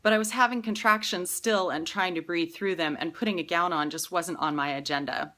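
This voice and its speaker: A woman's voice: fairly low pitch, fairly quick, a bit bright. A woman pastor preaching a sermon in a church, telling personal stories in a conversational way. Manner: conversational storytelling with personal anecdotes.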